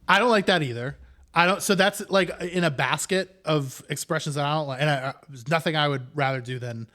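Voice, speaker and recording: A man's voice: fairly high pitch, fairly quick, pushed and bright. A man co-hosting a podcast in casual chat, agreeable and filling his talk with "yeah" and "like.". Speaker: podcast co-host.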